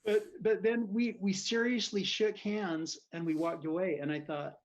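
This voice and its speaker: A man telling a story in a casual interview, animated and quick to laugh. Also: high voice, slight background noise. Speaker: physician guest.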